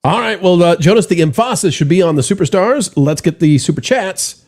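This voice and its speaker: A man's voice: high-pitched, lively intonation, fairly quick, darkish tone. Teasing man hosting a panel chat. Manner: teasing, playful banter. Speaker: host.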